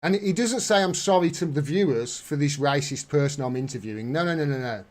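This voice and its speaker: Brisk and high-pitched, a man vlogs casual political commentary, sarcastic and indignant, with outbursts breaking through.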